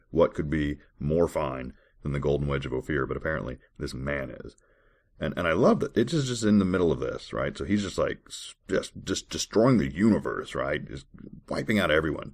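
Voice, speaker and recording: Very deep, husky-voiced sarcastic man. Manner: sarcastic, incredulous asides. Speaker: podcast host. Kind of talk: casual commentary with scripture reading.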